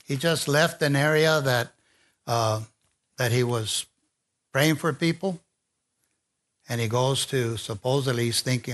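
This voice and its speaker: A man's voice: mid-range voice, a little slow, long pauses, a bit bright. A man preaching a conversational sermon and speaking informally, with fillers and restarts.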